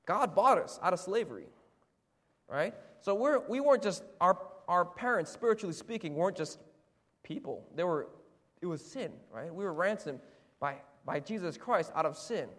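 A man's voice: high voice, expressive, moderate pace. A man preaching a sermon in a church hall, talking conversationally and asking the congregation rhetorical questions. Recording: echoey hall with long reverb.

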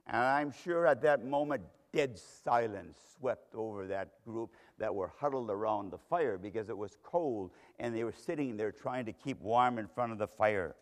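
A man's voice: on the low side, moderate pace, few pauses. A man preaching a sermon, telling a Bible story dramatically and speaking straight to its characters. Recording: long hall reverb.

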